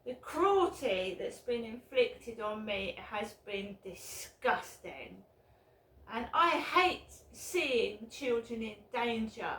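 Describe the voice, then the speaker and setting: Angry woman vlogger, high voice, slow bitter delivery, roomy echo. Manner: bitter, swearing, shouting outbursts. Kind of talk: angry ranting vlog. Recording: roomy echo, mic at a distance.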